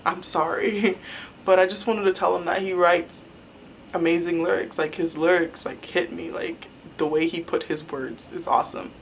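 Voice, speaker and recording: Rambling, excitable young woman vlogger. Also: lowish voice, moderate pace, vocal fry, a little hiss or hum. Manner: rambling and excitable, many "like" fillers. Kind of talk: casual fan storytelling.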